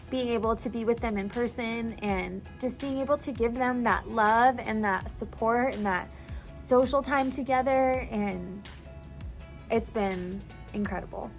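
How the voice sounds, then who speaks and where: A woman's voice: a little high, creaky. A woman teacher talking in a casual vlog, emotional and gushing, tearful as she speaks. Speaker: teacher and vlogger.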